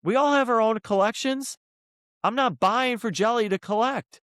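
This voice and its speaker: Man co-host, higher-pitched voice, close dry mic, ranting and cursing in a heated podcast argument. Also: normal speed, fairly bright tone, dry recording. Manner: worked up, ranting, swears often. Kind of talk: heated casual podcast discussion.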